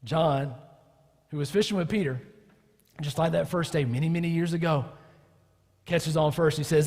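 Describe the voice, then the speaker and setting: A male pastor preaching a sermon as lively storytelling, acting out the people he quotes. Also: fairly high pitch, normal speed, long pauses, in a large hall.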